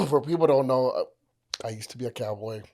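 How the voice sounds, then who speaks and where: A man's voice: mid-range voice, wildly swooping pitch, normal speed, bright, forceful tone. A man on a podcast, casually telling a ghost story, rambling, swearing and acting out the people in it. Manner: rambling, acts out quoted voices, swears, laughs often.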